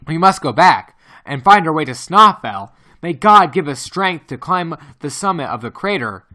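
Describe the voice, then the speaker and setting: A man's voice: fairly high pitch, big pitch swings, normal speed, sharp tone. A man voicing a frightened, weary young explorer who talks in an urgent, pleading way.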